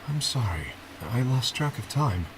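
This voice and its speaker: A man's voice: medium pitch, very animated, unhurried, fairly bright tone, a little hiss or hum, voice pushed down, low-quality recording. A man voicing a weary young man with a headache, apologetic and tired, reading game dialogue.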